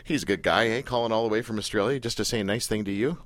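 A man's voice: lowish voice, very fast, fairly bright tone, dry recording. A man hosting a radio call-in show, joking and laughing often with callers. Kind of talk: casual call-in chat. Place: radio studio.

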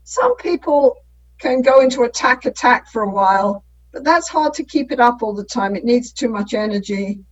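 A woman's voice: a little high, animated, moderate pace, muffled recording, a little hiss or hum. A middle-aged woman who works as a couples therapist, explaining in a conversational way and often checking in with "right?".

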